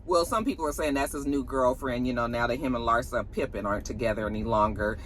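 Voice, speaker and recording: A woman's voice: extremely low pitch, quick pace, a little hiss or hum. A woman, chatting casually about celebrity gossip to her viewers in a sassy, slangy way.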